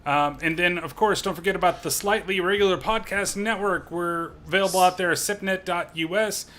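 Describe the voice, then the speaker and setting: Male podcast cohost, higher bright voice, crude teasing banter. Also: fairly even intonation, brisk. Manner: laughs often, teasing, swears. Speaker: podcast co-host. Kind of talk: crude casual chat.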